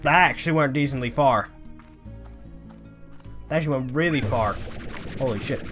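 A man's voice: medium pitch, moderate pace, a bit bright, soft background music. A young man giving playful, chatty let's-play commentary, talking to the creatures in his game. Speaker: gaming YouTuber.

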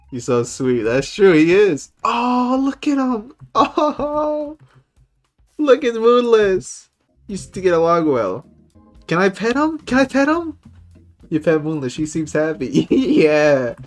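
A man streaming a game who reads its dialogue aloud and breaks into excited, high-pitched reactions. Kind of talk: casual gaming commentary.

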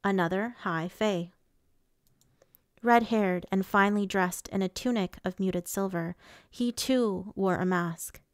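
Slow, measured woman reading a novel. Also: medium pitch, smooth, no room sound, clean studio sound. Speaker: audiobook reader. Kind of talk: first-person novel narration.

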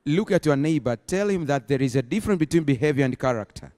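A man preaching a sermon as pastor, rising into emphatic bursts and slowing to stress key phrases. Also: a little high, lively intonation, mellow. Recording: long hall reverb.

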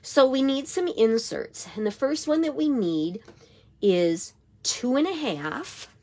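A hoarse woman with a raspy voice giving a step-by-step papercraft tutorial in her craft studio. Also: high-pitched, animated, slow pace, mellow. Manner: step-by-step instruction with frequent okays. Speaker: papercraft demonstrator.

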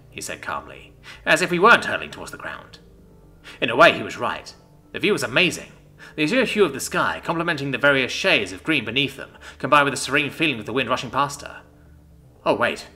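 A man narrating a story in an expressive, animated reading voice. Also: mid-range voice, quick pace. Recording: soft background music.

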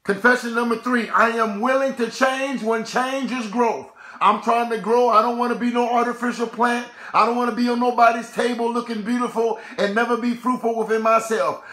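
High, bright-voiced fervent preacher. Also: male voice, fairly even intonation, a little fast, hardly any pauses, echoey room. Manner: rhythmic call-and-response preaching with shouts. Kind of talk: sermon.

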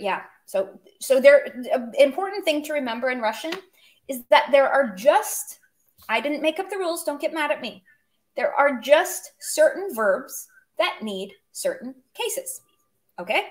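Upbeat woman, casual teacher, higher voice, explains plainly with humorous asides. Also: expressive, unhurried. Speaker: language teacher. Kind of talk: casual online language lesson.

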